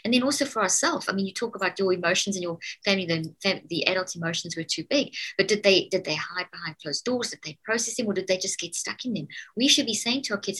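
A woman's voice: medium pitch, quick pace, hardly any pauses, a bit bright, breathy edge, low-quality recording. A middle-aged woman from South Africa, a neuroscientist guest in an interview, talking emphatically and acting out what parents say to children. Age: four adult children, middle-aged or older. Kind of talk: interview conversation.

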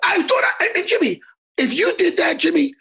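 A man's voice: extremely high pitch, big pitch swings, brisk, creaky, pushed and bright. A middle-aged man telling a profane, rambling story in casual chat, stammering through restarts and bursting into laughter.

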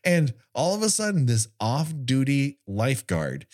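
A man's voice: medium pitch, wildly swooping pitch, unhurried, darkish tone. A man hosting a podcast, sarcastically retelling an episode with profane asides. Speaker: podcast host. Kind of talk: casual podcast recap chat.

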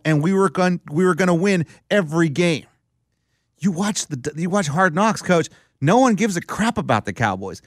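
A man's voice: a little high, dry recording, studio quality. A man from South Texas, co-hosting a casual sports chat and ranting about his team. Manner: animated, ranting, swearing. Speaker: podcast co-host.

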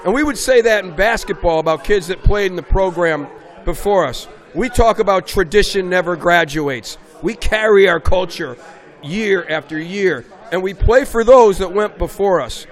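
Middle-aged coach, high-pitched, animated storyteller who punches key words. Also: male voice, moderate pace. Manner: animated storyteller, raises voice for emphasis. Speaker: basketball coach, guest. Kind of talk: casual interview conversation.

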